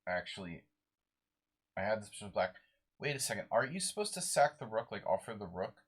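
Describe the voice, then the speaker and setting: A man's voice: lowish voice, big pitch swings, fairly quick, breathy edge. A sleep-deprived man streaming a live chess game, muttering moves to himself and chatting with viewers.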